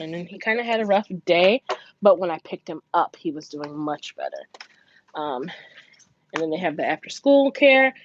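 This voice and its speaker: In dull, lo-fi audio with a faint hiss, a woman who's a mother and budgeting vlogger spins a long, casual tale to camera about her morning. She's lively and talkative, curses freely, and mimics others' words in a higher pitch.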